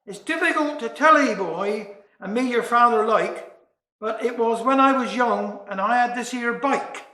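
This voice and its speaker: A man's voice: very high-pitched, measured pace, sharp tone, roomy sound, exaggerated voice, rough recording. A man with a Cornish accent voicing an evasive country father in a comic dialect verse.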